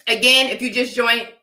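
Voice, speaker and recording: A woman's voice: fairly high pitch, sharp tone, reverberant, poor audio. A young adult woman with a dry cough from allergies, preaching her opinions to live chat and often asking "all right?". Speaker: vlogger talking to live chat. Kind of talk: casual opinion livestream.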